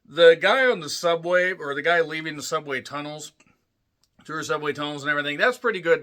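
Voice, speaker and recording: A man giving a rambling, irreverent movie review with crude jokey asides, often clearing his throat. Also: on the high side, expressive, fairly quick, pushed and bright. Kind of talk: casual movie review monologue.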